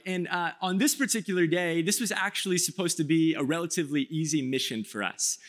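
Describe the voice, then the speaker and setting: Pastor, man, 30s, high-pitched, joking storyteller preaching a sermon. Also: fairly bright tone. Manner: joking, self-mocking storytelling with acted-out quotes.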